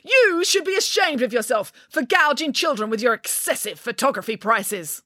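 A woman voicing a pompous, imperious female pig nanny who is quick to pick a fight. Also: high-pitched, animated, pushed and bright, dry recording, studio quality, pitched above the performer's own voice, heavily acted. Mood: indignant. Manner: indignant, imperious, sarcastic.

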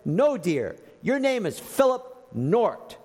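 Man doing a prim schoolteacher nun, patient correcting tone, high voice, echoey hall. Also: big pitch swings, slow pace, darkish tone, husky, full character voice. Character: prim gentle schoolteacher nun, middle-aged woman. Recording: echoey hall with long reverb.

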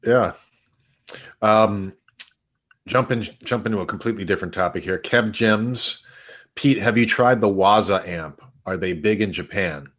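A man hosting a casual chat and reading out viewer questions in a relaxed, agreeable way. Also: fairly low pitch, measured pace.

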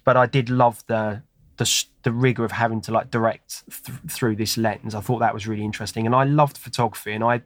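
A man's voice: fairly low pitch, fairly even intonation, fast talker. A man being interviewed, telling stories in a rambling, self-deprecating way with many fillers and restarts. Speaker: guest. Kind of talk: casual interview chat.

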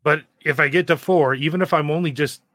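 A man's voice: a little high, fairly quick, a bit bright, no echo, studio quality. A man in his thirties co-hosting a podcast, chatting casually and reacting in short, easygoing remarks. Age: 30s. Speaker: podcast co-host. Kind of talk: casual chat.

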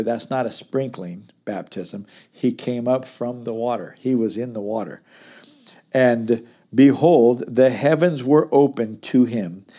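A man's voice: medium pitch, mellow. A middle-aged man, a pastor, teaching a daily Bible study, reading verses and explaining them earnestly.

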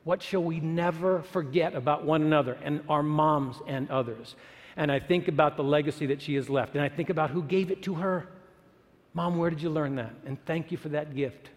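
A man giving an animated, sermon-like talk to an audience, full of rhetorical questions and emphatic repetition. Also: fairly high pitch, normal speed. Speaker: speaker at a church or university gathering. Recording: long hall reverb.

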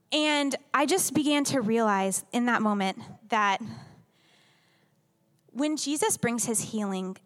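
Young woman, higher voice, candid church testimony, long hall reverb. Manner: candid, conversational, emotional storytelling with many "like"s. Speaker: church member giving testimony. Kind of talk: personal testimony to a congregation.

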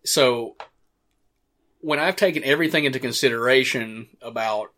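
A man's voice: mid-range voice, normal speed, bright, forceful tone. A man hosting a casual movie commentary podcast, rambling through his points with restarts, fillers and the odd swear word. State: hiccups. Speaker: podcast host.

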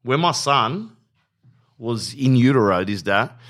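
A man's voice: medium pitch, lively intonation, slow pace, fairly bright tone. A man hosting a podcast, rambling casually in slang and saying bro a lot. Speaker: podcast host. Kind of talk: casual rambling monologue with ad read.

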